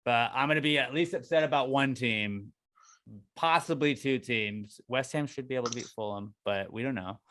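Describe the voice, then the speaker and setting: A man's voice: medium pitch, moderate pace, fairly bright tone. An American man hosting a podcast, chatting loosely and plugging the show. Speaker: podcast host. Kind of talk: casual chat.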